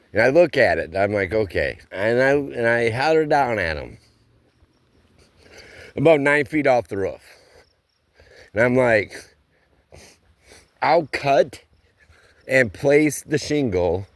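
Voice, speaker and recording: A man's voice: mid-range voice, sing-song, dry recording. A man telling a casual, rambling story from his roofing work, with plain everyday slang. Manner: slow, rambling delivery with plain spoken slang.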